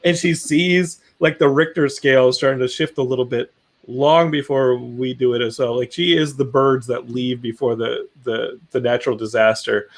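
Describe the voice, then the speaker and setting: A man's voice: mid-range voice, steady tone, normal speed. A man co-hosting a live podcast stream, joking wryly in casual chat. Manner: wry, joking banter. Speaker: podcast host.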